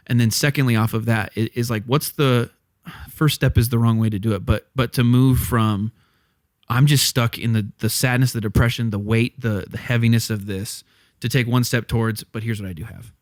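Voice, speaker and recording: A man co-hosting a podcast, putting measured, searching questions to his guest and often adding brief affirmations. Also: medium pitch, no room sound, clean studio sound. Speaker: podcast co-host. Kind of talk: thoughtful interview questions.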